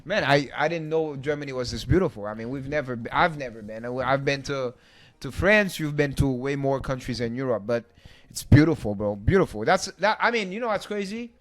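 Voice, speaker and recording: A man's voice: medium pitch, expressive, a little fast. A man co-hosting a video reaction show, chatting casually and chiming in with short agreements. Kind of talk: casual chat.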